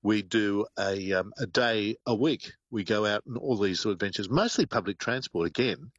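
Low-voiced older man co-hosting radio. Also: normal speed, slightly rough, no room sound, lo-fi sound. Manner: warm anecdotal, hesitant with fillers. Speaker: co-host. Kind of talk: radio talk.

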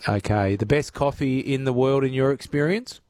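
A man's voice: mid-range voice, normal speed, a little mellow. An Australian man hosting talkback radio, chatting with callers and reading out listener messages. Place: radio studio.

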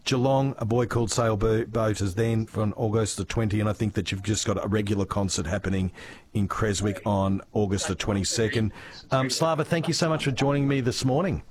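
A man's voice: on the low side, fairly even intonation, fairly quick, a crowd in the background. Upbeat male radio host. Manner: upbeat, jokey, reads out event listings. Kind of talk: radio interview hosting.

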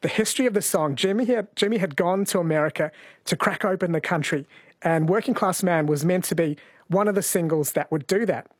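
A man's voice: high-pitched, fairly quick, no echo. A man hosting a radio show, explaining poetry and introducing songs in a lightly playful, explanatory way. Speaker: radio host presenting music. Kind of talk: scripted radio presenting.

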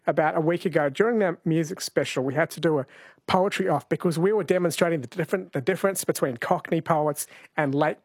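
A man's voice: on the high side, fast talker, husky, no echo. A man hosting an overnight radio show, chatting playfully with his co-host in the studio. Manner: playful, easy-going banter. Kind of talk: casual radio chat. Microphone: studio microphone.

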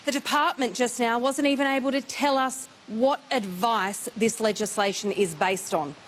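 A woman's voice: a little high, moderate pace. A woman, a senator, giving an emphatic, critical statement to the press.

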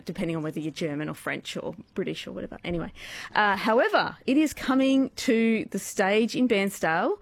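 A woman's voice: fairly low pitch, no room sound. A woman hosting a local radio chat show, bubbly and jokey, laughing often between lines. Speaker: radio host.

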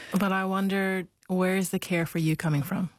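A woman interviewer asking gentle, measured questions. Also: medium pitch, flat delivery, no echo, studio quality.

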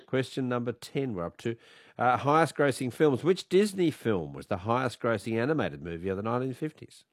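A man's voice: mid-range voice, expressive, brisk, no room sound, studio quality. A man hosting a talkback radio quiz, chatty and jovial, his voice stuffy and snuffly. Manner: chatty and jovial, laughs often.

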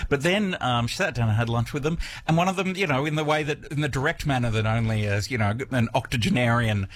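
Man, radio co-host, husky voice, dry humour, casual chat. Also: medium pitch, fast. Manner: dry, joking, many fillers.

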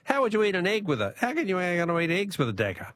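A man's voice: sits high, huge pitch swings, very fast, fairly bright tone, no room sound, clean studio sound. A man with an Australian accent hosting a casual talkback radio quiz, chuckling as he reads out listener messages.

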